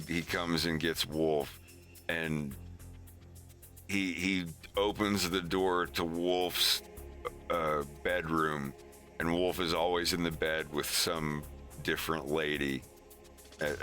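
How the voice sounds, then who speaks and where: A man streaming his animation work, chatting casually and rambling with halting restarts. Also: very deep voice, flat delivery, bright, forceful tone, faint music behind.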